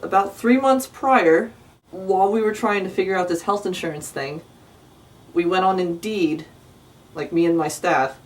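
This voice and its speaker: Young woman, low-pitched voice, exasperated profane ranting, mic a bit distant. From South Jersey, USA. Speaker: vlogger. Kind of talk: storytime rant.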